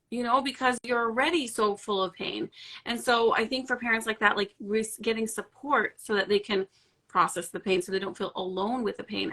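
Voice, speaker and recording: A woman with a bright, clear-edged voice talks gently and thoughtfully, winding through her points in a casual live chat. Her pitch is average for a woman. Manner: thoughtful, gentle, rambling with restarts. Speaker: parenting and trauma support speaker.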